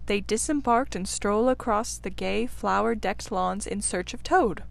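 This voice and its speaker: A woman narrating a classic children's story aloud in a gentle, measured reading voice. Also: medium pitch, vocal fry. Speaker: audiobook reader.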